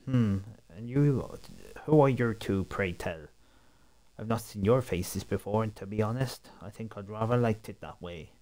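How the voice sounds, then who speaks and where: A man voicing a haughty, stuffy posh older gentleman in a video game. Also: on the low side, a little slow, lightly acted.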